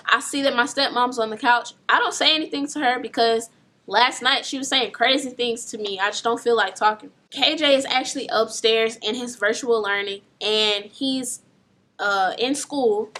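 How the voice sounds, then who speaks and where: A young woman recounting a painful family story in a personal vlog, speaking softly and in a subdued way. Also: on the high side, normal speed.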